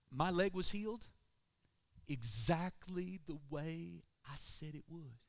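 A male pastor delivers an emphatic sermon in a church. His voice sits slightly high, and he drives each point home with calls for amen. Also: expressive, slow pace, creaky.

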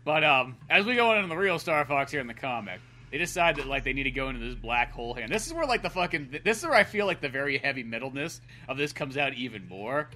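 Man, podcast co-host, casual banter; bright, lively delivery, profane, quick to laugh. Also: mid-range voice. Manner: animated, profane, laughs often, breaks into goofy voices. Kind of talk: casual chat.

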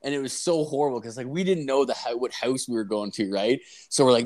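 A man in crude casual chat, swearing constantly and telling stories with animated energy. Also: mid-range voice, fast talker, hardly any pauses. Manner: heavy swearing, animated storytelling.

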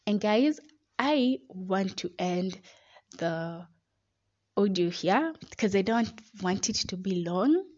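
A woman's voice: medium pitch, expressive, slow pace, darkish tone. A young woman hosting a podcast, giving a chatty motivational talk and calling her listeners guys. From Kenya. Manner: chatty, addresses listeners as guys, many likes. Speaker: podcast host. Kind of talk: casual motivational monologue. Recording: dull lo-fi recording.

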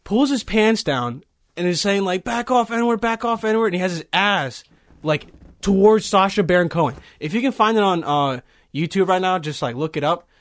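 A man with a notably high voice talks casually into a studio microphone. He rambles, swears freely and leans on filler words. He sounds like a young adult hosting his own podcast. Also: animated, moderate pace, no room sound. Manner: rambling, profane, heavy with fillers. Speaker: podcast host. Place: small recording studio.

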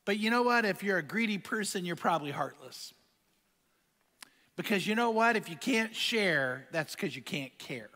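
A man's voice: high voice, animated, normal speed, pushed and bright, long reverb tail. A man preaching a sermon, telling stories and asking the crowd rhetorical questions. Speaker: pastor.

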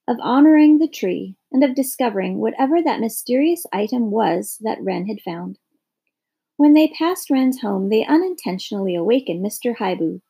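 Gravelly, mellow woman reading a storybook. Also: a little high. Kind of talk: scripted storybook narration.

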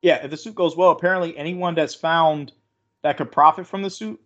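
A man's voice: on the high side, steady tone, fairly quick, a bit bright, highs cut off. A man co-hosting a podcast, telling a story in a casual chat. He acts out the voices of the people he quotes and swears freely. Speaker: podcast co-host.

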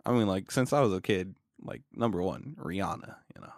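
A man's voice: low-pitched, expressive, fairly quick, a little mellow, no echo. A young man in casual podcast chat, rambling with many fillers and laughing often. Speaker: podcast co-host.

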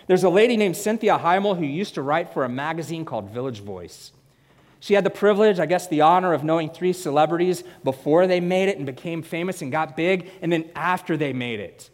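A man preaching a sermon in an emphatic way, repeating phrases and swinging from loud to hushed. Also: on the high side. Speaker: pastor. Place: church hall. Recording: long church-hall reverb.

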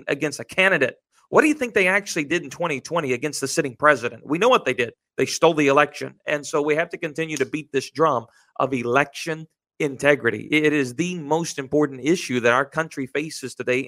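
A man's voice: fairly high pitch, fairly bright tone. A man on a radio interview as a political candidate, emphatic and speechlike, often repeating himself. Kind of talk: radio interview, campaign talk.

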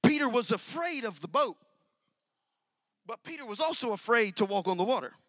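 A man preaching a sermon, swinging between loud, sing-song shouting and quiet asides while questioning the congregation directly. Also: very high-pitched, expressive, moderate pace, dry recording, clean studio sound. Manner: addresses the congregation directly with call-and-response questions.

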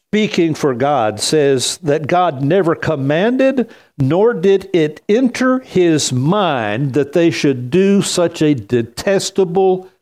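A man delivers a sermon from the pulpit with slow, emphatic phrasing. His voice sits a little high and moves lively between high and low notes, pausing to let words land. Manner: slow, emphatic preaching with wide swings in pitch. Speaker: pastor.

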